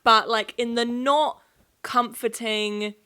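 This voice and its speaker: A young woman chats through a show recap with a bright, clear edge and a slightly high voice. She talks in a sarcastic, gossipy way, laughs often and acts out the characters' lines. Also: fairly even intonation, slow. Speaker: YouTube host recapping a TV series. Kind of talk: casual chat.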